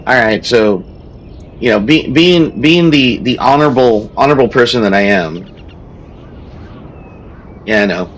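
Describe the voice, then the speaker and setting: A man's voice: mid-range voice, expressive, measured pace, pauses often, a little hiss or hum, poor audio. A man, a streamer who also teaches, chatting casually while he plays a strategy game, telling a story in a rambling way with many restarts.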